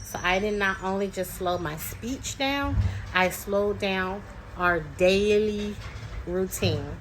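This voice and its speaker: A woman's voice: medium pitch, takes it slowly, a little hiss or hum, poor audio. A young woman talking as a parent, telling her story in a chatty, casual way, with many fillers and restarts. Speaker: parent sharing experience.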